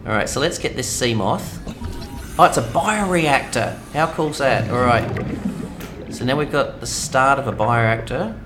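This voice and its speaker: A man's voice: mid-range voice, animated, unhurried, over music. Chatty Australian man streaming a game. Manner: chatty, rambling, talks to viewers while playing. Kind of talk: casual live-stream chat.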